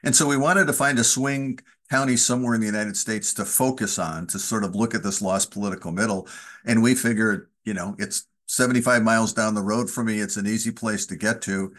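A man's voice: on the low side, fairly quick. A man from Wisconsin, a former congressman, talking candidly in an interview and telling anecdotes. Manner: candid, anecdotal, lively storytelling. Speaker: former congressman, podcast host guest. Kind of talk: conversational interview.

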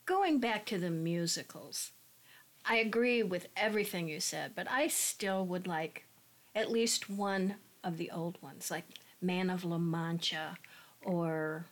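A woman's voice: lowish voice, slow pace. A middle-aged woman who acts in community theater, chatting candidly in a casual panel discussion.

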